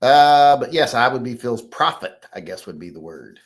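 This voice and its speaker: A man's voice: medium pitch, lively intonation, moderate pace. A man with a Southern American accent hosting a casual podcast, reading out viewer comments and answering them in a blunt, rambling, folksy way. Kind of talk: casual solo podcast chat.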